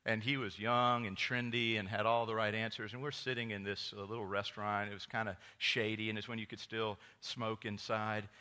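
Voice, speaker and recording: A man preaches from the pulpit with a bright, forceful voice sitting a little low in pitch. He tells stories and acts out quoted exchanges, jumping to high, loud exclamations before settling back into earnest preaching. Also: level tone, brisk, few pauses. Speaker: pastor. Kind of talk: sermon.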